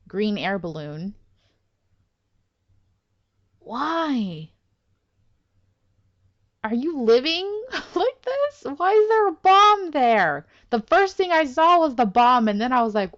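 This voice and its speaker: Woman, let's play commentary, excitable, quick to exclaim, slightly muffled recording. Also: medium pitch. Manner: excitable, exclaims and laughs often. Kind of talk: casual gameplay commentary.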